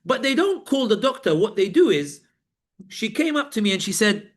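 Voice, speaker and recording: High-voiced man telling a vivid story. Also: moderate pace. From Britain. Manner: animated storytelling, acting out guards and inmates. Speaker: speaker recounting detention. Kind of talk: personal account at a press event.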